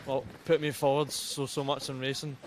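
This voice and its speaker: Flat-voiced young Scottish driver. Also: male voice, medium pitch, normal speed. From Scotland. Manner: flat, repeats words, many restarts. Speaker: racing driver. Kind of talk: post-race interview. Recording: outdoor interview with clear background noise.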